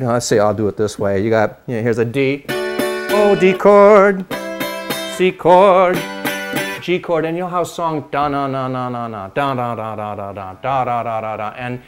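An older man from the Pacific Northwest reminiscing about his early music years, talking in a rambling way with fillers and restarts and stopping now and then to strum chords on an instrument. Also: mid-range voice. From Pacific Northwest, United States. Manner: demonstrates chords while talking. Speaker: host and dulcimer player. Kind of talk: casual reminiscing monologue.

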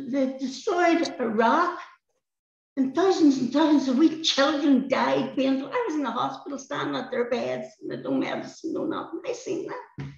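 A woman's voice: high voice, vocal fry. An older woman with a Northern Irish accent, speaking as a guest in an impassioned, emphatic way and often repeating words. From Northern Ireland. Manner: emphatic, passionate, repeats words when stirred. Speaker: guest, peace activist. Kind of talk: impassioned conversation. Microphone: video call. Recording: roomy, dull lo-fi webinar audio.

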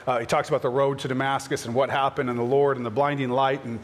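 A man's voice: level tone, fast, a little hiss or hum. A man pastor answering questions from his congregation in an earnest, conversational way. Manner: earnest, conversational, acts out short prayers in a higher voice. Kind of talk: church Q&A session.

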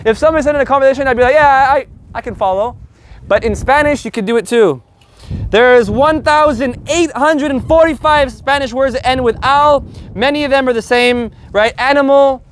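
High-voiced man teaching Spanish. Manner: energetic, joking, drawn-out sounded-out words. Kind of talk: lively online language lesson.

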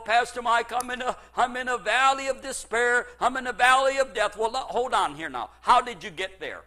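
Middle-aged guy preaching, high bright voice jumping all over the place, hammering lines again and again. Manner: emphatic preaching with sweeping pitch swings, repetition. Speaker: pastor. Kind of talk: evangelical sermon.

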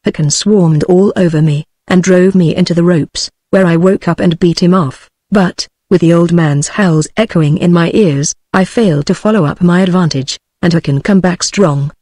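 A woman's voice: on the low side, moderate pace, few pauses, no echo, studio quality. Synthetic British female audiobook voice. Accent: British English. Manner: even, synthetic reading with odd stresses. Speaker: audiobook narrator. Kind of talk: text-to-speech book reading.

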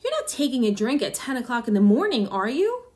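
A woman's voice: a little high, animated, normal speed, lightly acted. Brief: woman voicing worried middle-aged wife, pleading, fearful, storybook reading.

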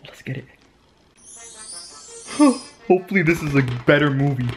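A young man reacts out loud with wild, swooping excitement, his fairly high voice leaping between shouts and gasps. He throws in "yo" and "literally" constantly. Loud music plays underneath him. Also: moderate pace, long pauses. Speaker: YouTuber reacting to a video. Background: music playing.

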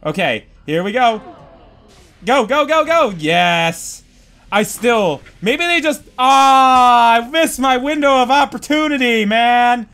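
Male let's-play host with a high voice and an unhurried pace, jumping between low mutters and sudden yelled outbursts. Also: clear, resonant tone. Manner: excitable, swings from mumbling to shouting, swears. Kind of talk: gaming commentary.

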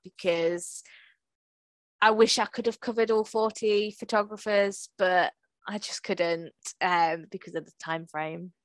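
An English woman co-hosting an art podcast, introducing topics in a relaxed way with fillers. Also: fairly low pitch, no echo. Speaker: podcast co-host. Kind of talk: casual chat.

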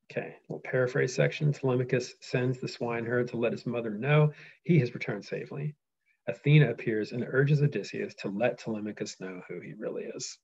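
Male teacher, dramatic reading broken up by casual asides, husky, slightly muffled recording. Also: medium pitch, brisk, a little mellow. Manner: reads dramatically, then explains casually with frequent "right?". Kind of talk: reading aloud with commentary.

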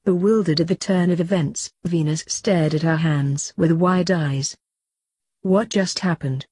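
A woman reading fanfiction aloud in a steady, even narration. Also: on the low side, a little slow, slightly rough, no room sound. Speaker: fanfiction reader.

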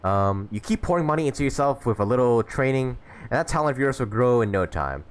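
A man's voice: mid-range voice, expressive, a little fast, clear, resonant tone, pitched above the performer's own voice, close to an everyday voice. A man voicing a cocky, boisterous old English drunk who lectures a younger man. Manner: jovial, teasing, laughing.

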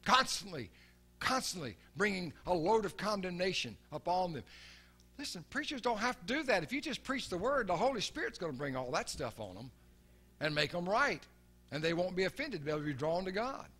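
An older man preaching a sermon in an earnest way, often repeating his words and softening to a low murmur when quoting. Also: sing-song, moderate pace, breathy edge.

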